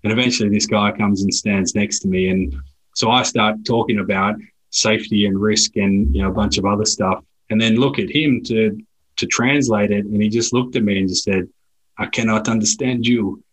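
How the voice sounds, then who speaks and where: An Australian man talking as a guest, telling travel stories in a relaxed way with frequent restarts. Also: lowish voice, normal speed, breathy edge, low-quality recording. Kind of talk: casual conversation.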